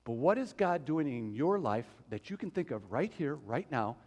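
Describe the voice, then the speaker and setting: A man's voice: mid-range voice, big pitch swings, normal speed, darkish tone. A man preaching a sermon as pastor, asking the congregation questions as he goes. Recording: long hall reverb.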